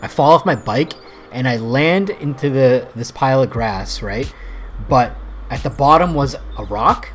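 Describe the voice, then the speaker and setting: A man's voice: medium pitch, expressive, measured pace, fairly bright tone, slight background noise. A man in his thirties telling rambling, profane childhood stories while playing a game, laughing as he goes. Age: 30s. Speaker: gaming video host. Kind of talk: casual storytelling over gameplay.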